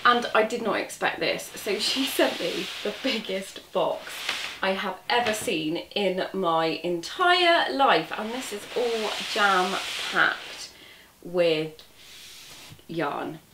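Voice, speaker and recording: A woman chatting excitedly in a casual vlog, gushing as she unboxes a parcel, a little away from the camera. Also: medium pitch, slow, roomy sound, noisy background. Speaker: crochet vlogger. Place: indoor room at a table. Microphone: camera set back from her.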